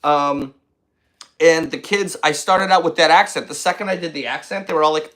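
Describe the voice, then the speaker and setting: A man's voice: a little high, moderate pace, fairly bright tone. A man hosting a comedy podcast, rambling and boastful, repeating himself as he riffs. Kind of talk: casual comedy podcast chat.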